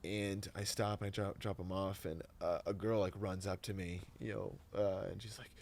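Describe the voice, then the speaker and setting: A young man, a Christian influencer guesting on a podcast, telling stories in an animated way and dropping to a whisper for quotes. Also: low-pitched, moderate pace, a little hiss or hum. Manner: animated storyteller, drops to a whisper when quoting. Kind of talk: casual chat.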